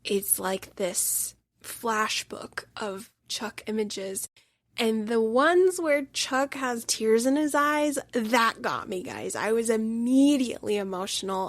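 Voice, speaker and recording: A woman's voice: fairly high pitch, no room sound. Gushing woman podcaster, dry close mic. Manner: gushing, emphatic, drops to whispers for emphasis. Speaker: podcast host. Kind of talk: enthusiastic film review monologue.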